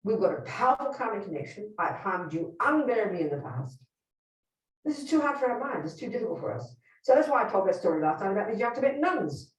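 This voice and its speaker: A woman's voice: mid-range voice, big pitch swings, fast talker, recorded from a distance. A Buddhist nun teaching a live workshop, speaking bluntly and emphatically and putting direct questions to her listeners. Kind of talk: teaching talk to a live group. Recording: roomy hall, speaker away from the mic.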